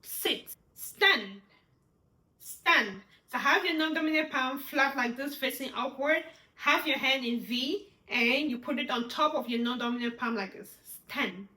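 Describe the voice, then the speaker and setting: A woman's voice: sits high, measured pace, sharp tone, roomy sound. A woman teaching sign language vocabulary, naming each sign twice and walking through the hand shapes with frequent "yeah?" and "right?" check-ins. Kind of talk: demonstrating signs in a tutorial.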